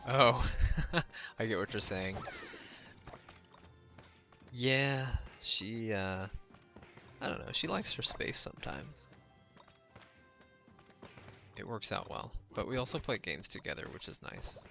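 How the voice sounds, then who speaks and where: A man's voice: on the low side, lively intonation, slow, creaky, pauses often, pushed and bright, faint music behind. A man casually chatting with his viewers during a live game stream, rambling with lots of "like" and laughing often. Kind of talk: casual live-stream chat while playing.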